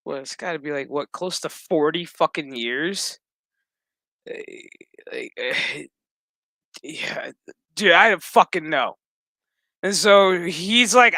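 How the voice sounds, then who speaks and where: A woman in her thirties rants her way through a TV episode recap, swearing constantly and animatedly. Her voice is forceful and the sound is close and dry. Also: on the low side, slow, pauses often, no room sound. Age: 30s. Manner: ranting, heavy swearing, animated. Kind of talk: casual profane episode recap.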